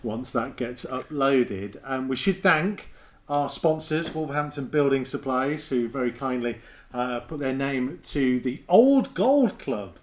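A man's voice: mid-range voice, lively intonation, unhurried. A man hosts a podcast in a loose, chatty way. He jokes and teases his co-host, and his voice sits in an ordinary middle register. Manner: chatty, joking, self-mocking. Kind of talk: casual podcast chat.

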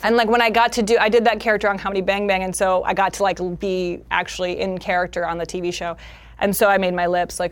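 A woman comedian in a casual interview, talking animatedly and slipping into character voices. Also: medium pitch. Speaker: comedian guest.

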